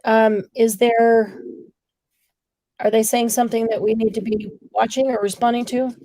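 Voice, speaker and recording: A woman's voice: fairly high pitch, level tone, moderate pace, dry recording, rough recording. Chatty woman hosting a crafting stream. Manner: chatty, warm inviting, laughs easily. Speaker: craft livestream co-host. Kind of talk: casual chat while crafting.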